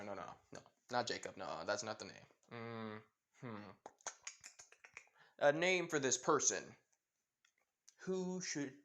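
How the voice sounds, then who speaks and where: A man's voice: mid-range voice, a bit bright. Rambling man telling a fan story. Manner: rambling, many fillers like "pretty much". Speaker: narrator.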